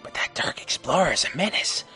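A man's voice: a little fast, bright, forceful tone, faint music behind, close to an everyday voice. A man voicing a sly, maniacal male fox clown villain who sneers and wheedles in an amateur audio story. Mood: sneering. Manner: sneering, wheedling, sometimes whispery.

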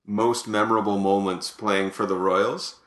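A man's voice: fairly low pitch, fairly even intonation, a little slow, fairly bright tone, reverberant. A man co-hosting a casual comedy chat, talking in an offhand, hesitant way with many ums. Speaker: podcast co-host.

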